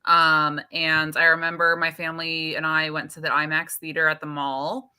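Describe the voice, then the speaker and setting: A woman in her twenties from Scandinavia, a podcast guest chatting in an animated storytelling way. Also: low voice, moderate pace, clean tone. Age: 20s. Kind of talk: casual chat.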